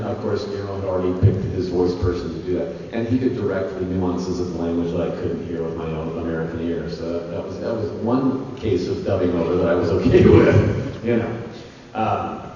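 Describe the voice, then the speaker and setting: A man telling stories as a convention panel guest, animated and laughing often, acting out the voices of the people he quotes. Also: deep voice, a little hiss or hum. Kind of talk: anecdotal storytelling. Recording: echoey dull hall sound from far off.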